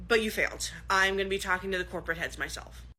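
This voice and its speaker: A woman's voice: mid-range voice, fast talker, sharp tone. A woman playing a firm, no-nonsense female health inspector in a comedy skit, blunt and curt.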